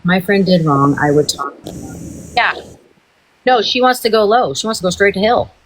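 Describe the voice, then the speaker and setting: A woman's voice: medium pitch, expressive, normal speed, slight background noise. A woman hosting a livestream, in a heated, profane and rambling rant. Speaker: livestream host.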